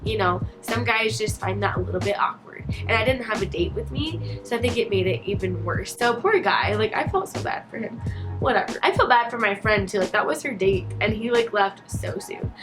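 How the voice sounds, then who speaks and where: A woman telling a storytime vlog in a chatty, animated, profane way. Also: mid-range voice, fairly quick, over music. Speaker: vlogger. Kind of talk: casual storytime.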